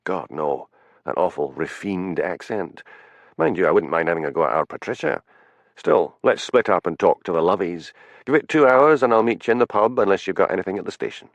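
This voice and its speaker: A man's voice: low-pitched, lively intonation, brisk, no room sound, muffled recording. A man voicing a blunt, hard-drinking detective in an audiobook, with a sardonic edge.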